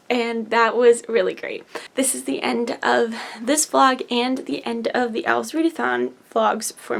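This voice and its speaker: A woman's voice: fairly high pitch, gravelly, a bit bright. A young woman in her twenties chatting casually in a book vlog from her bedroom, upbeat and full of "like" fillers. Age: 20s. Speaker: book vlogger. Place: bedroom at home. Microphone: camera on the bed.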